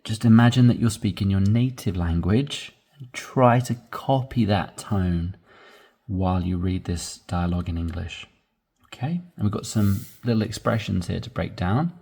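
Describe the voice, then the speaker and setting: Husky-voiced male English teacher. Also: low-pitched, normal speed, mellow. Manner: patient, encouraging explanations. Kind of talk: spoken English lesson.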